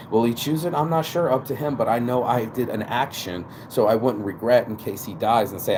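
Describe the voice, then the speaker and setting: A man giving a casual, animated motivational talk, preachy and peppered with swearing. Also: mid-range voice, brisk, few pauses, noisy background. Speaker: motivational vlogger.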